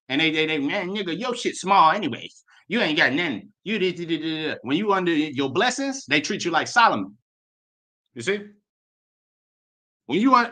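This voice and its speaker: A man's voice: high voice, pushed and bright. A man, preaching in a slangy, emphatic way and reading scripture aloud with his own commentary. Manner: slangy and emphatic, mixing profanity with King James reading. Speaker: street preacher.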